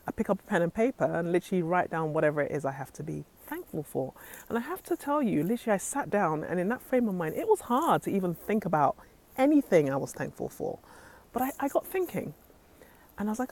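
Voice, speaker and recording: A woman's voice: on the low side, sing-song, fast, darkish tone. A woman giving an earnest, faith-driven inspirational talk to her phone camera, often saying "literally". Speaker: motivational vlogger. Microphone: handheld phone camera.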